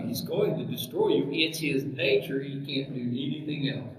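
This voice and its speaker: A man's voice: a little high, expressive, normal speed, few pauses. A man preaching a sermon as pastor, emphatic, full of rhetorical questions and scripture references, recorded from far off in an echoey hall.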